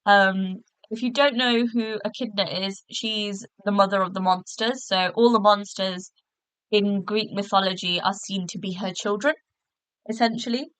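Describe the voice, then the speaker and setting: A woman's voice: medium pitch, steady tone, normal speed, fairly bright tone, clear, resonant tone, no room sound, poor audio. A woman hosting a podcast, chatting casually through a review with lots of fillers and restarts, recorded in a hotel room. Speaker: podcast host.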